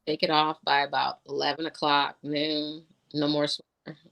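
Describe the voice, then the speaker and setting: Excitable woman with a low voice. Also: moderate pace, gravelly, lo-fi sound. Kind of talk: casual chat. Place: home, remote video call.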